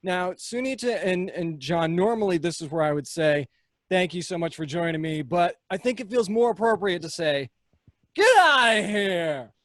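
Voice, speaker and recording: A man's voice: high-pitched, animated, moderate pace, dry recording, clean studio sound. A male podcast host interviewing two actors in a casual, playful, teasing way.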